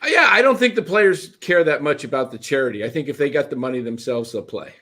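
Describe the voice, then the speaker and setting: Male panelist, mid-pitch, relaxed and agreeable. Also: fast. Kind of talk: casual sports talk.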